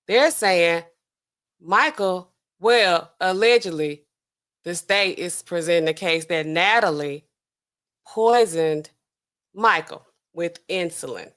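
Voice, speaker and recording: A woman pharmacist hosting a casual true-crime livestream, chatting straight to her viewers with big swings of pitch. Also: slow, long pauses, fairly bright tone. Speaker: pharmacist host.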